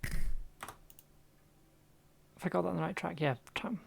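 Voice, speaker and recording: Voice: mid-range voice, measured pace, gravelly, background noise. A music producer streaming live, casually thinking aloud and testing ideas by trial and error, with a self-deprecating manner. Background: faint music playback.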